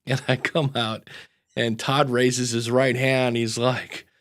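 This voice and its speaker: Speaking slowly in a medium, slightly bright voice with little pitch movement, a middle-aged man hosts a podcast. His casual storytelling wanders, full of frequent restarts.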